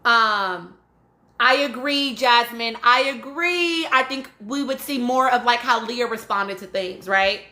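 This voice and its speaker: Speaking at a slow pace in a high-leaning, pushed and bright voice, a woman hosts a live stream and works through chat comments. She's casual and emphatic, checking in with "right?" often, and the room echoes.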